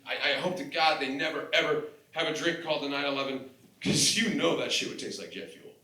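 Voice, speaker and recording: A man doing a stand-up comedy set on stage, telling profane, animated stories and breaking into mock shouting. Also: a little high, a little fast. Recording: echoey room from far off, noisy. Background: audience laughter.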